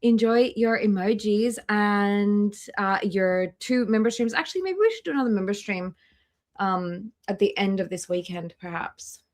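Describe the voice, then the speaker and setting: A woman's voice: medium pitch, normal speed, a little mellow. A young Australian woman hosting a reaction livestream, blunt in her opinions and greeting chat members as she goes. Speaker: livestream host.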